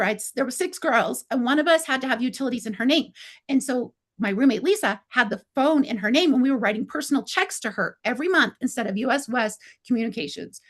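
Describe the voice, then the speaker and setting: A middle-aged woman with a high-pitched voice tells a long personal story in a relaxed, conversational way. She keeps acting out the dialogue, slipping into the voices of herself and others with "I was like" and "he's like.". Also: fairly quick. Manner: animated, acts out quoted dialogue with lots of "I was like". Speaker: guest telling her story. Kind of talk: casual storytelling.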